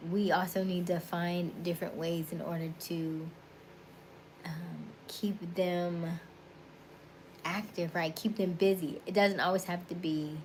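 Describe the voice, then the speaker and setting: A woman's voice: lowish voice, slight background noise. A woman in her thirties from Florida, with a Florida accent, chatting casually on a livestream, laughing often and greeting viewers by name. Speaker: livestream host. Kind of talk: casual livestream chat reading viewer comments.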